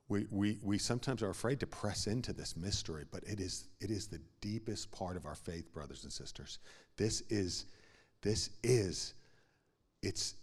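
Deep-voiced, this man preaches as a pastor, moving from quiet asides up to forceful, loud climaxes and repeating words to drive his point home.

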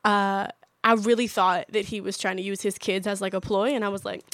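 A woman on a podcast tells a story in a blunt, sarcastic voice with plenty of swearing. Her pitch sits in a middle range. The sound is close and dry. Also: little pitch movement, fairly quick, a bit bright, no room sound. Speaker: podcast co-host. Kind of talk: casual chat.

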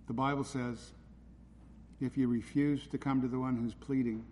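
Hall reverb and faint ambient noise surround a man preaching urgently in a church hall, pleading with his audience. His darkish, mid-range voice moves little in pitch and keeps a normal speed.

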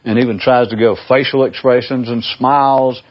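A man's voice: fairly even intonation, normal speed. A man giving a rambling, discursive spoken monologue to his listeners on a dull, lo-fi recording. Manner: discursive, acts out imagined people in a high voice. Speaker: speaker addressing listeners.

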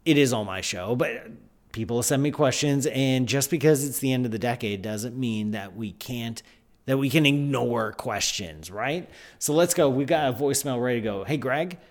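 A man hosting a live science show, talking in an excitable, animated, chatty way. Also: mid-range voice, normal speed. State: out of breath. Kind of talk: live-stream science talk.

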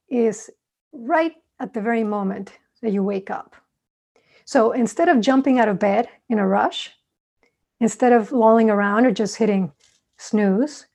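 Gravelly-voiced woman giving a dharma talk. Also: fairly high pitch, darkish tone. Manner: conversational storytelling, thoughtful asides. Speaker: meditation teacher.

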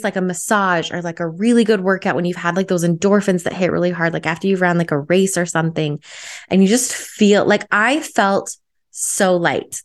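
A woman hosting a podcast, telling a personal story in a chatty, enthusiastic way with lots of filler words. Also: mid-range voice. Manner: chatty, filler-heavy with frequent "like"; enthusiastic, energetic. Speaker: podcast host.

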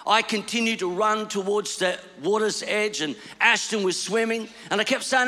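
Impassioned high-voiced preacher man. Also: moderate pace, hardly any pauses, big-room sound. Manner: impassioned, swinging from hushed to shouting. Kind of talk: storytelling sermon.

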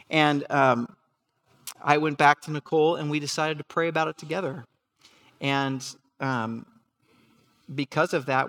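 Man, pastor type, earnest and halting storyteller, slightly raised pitch, quiet when quoting others. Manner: earnest, halting with restarts and fillers, laughs at himself; acts out remembered voices softly. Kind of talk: sermon storytelling.

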